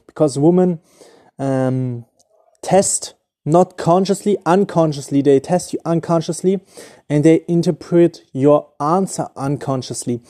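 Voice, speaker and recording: A man's voice: fairly high pitch, unhurried, warm tone. A man who is not a native English speaker, hosting a solo podcast and giving dating advice in a loose, explanatory way, often restarting and searching for words. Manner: loose, explanatory, full of "like" and "okay?". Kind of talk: casual solo podcast talk.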